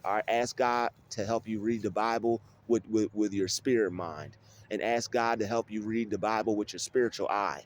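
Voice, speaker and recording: Low-voiced man giving casual spiritual talk. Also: moderate pace, a little hiss or hum. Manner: casual, repetitive, many restarts and fillers. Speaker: spiritual video creator. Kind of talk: informal spiritual teaching.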